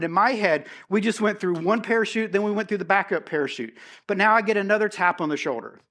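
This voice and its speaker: A man's voice: high-pitched, a bit bright, dry recording, clean studio sound. A middle-aged male pastor telling a funny personal story in a sermon, acting out his own panicked thoughts. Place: church auditorium.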